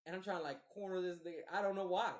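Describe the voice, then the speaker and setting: Young male co-host, lively swearing storyteller who laughs a lot; roomy echo on the voice. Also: high voice, rapid-fire. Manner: animated, profane, laughs often, slangy. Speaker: podcast co-host. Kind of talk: casual storytelling chat.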